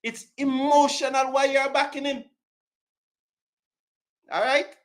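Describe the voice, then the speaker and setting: A man's voice: very high voice, fairly even intonation, slow. A man hosting a cricket live stream, answering chat comments with passion, emphasis and lots of repetition. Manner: passionate, emphatic, repeats himself. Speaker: cricket show host.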